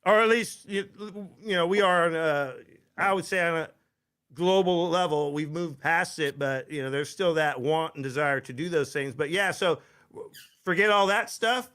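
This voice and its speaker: A middle-aged man hosts a live internet show in a loose, rambling way, restarting sentences and tagging lines with "right?". His voice sits a little high for a man and comes through a desk mic. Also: normal speed, a bit bright, clear, resonant tone. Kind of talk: casual live-stream chat. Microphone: desk microphone.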